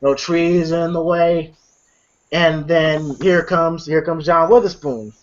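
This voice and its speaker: A man's voice: a little high, fairly even intonation, slow. A man casually retelling a film's scenes to friends, loose and profane, laughing often. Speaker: movie reviewer. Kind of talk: casual movie recap among friends. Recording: dull lo-fi recording.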